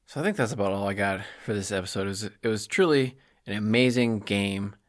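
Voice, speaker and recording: A man's voice: lowish voice, a little fast, no room sound, studio quality. A man hosting a solo sports podcast, talking in an opinionated, heated and sarcastic way with lots of "like" fillers. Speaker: podcast host.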